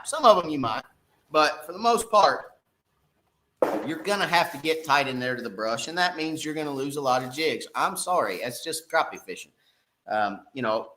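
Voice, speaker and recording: A man's voice: a little high, bright, forceful tone. A middle-aged man, a fishing guide talking casually on a live stream, folksy and repeating "okay?" to his viewers.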